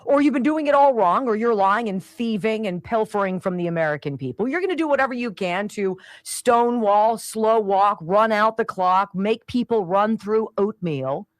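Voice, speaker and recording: Animated woman talk radio host. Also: mid-range voice, no echo. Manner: animated and sarcastic, putting on quick voices for quoted people. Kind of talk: opinionated talk radio monologue.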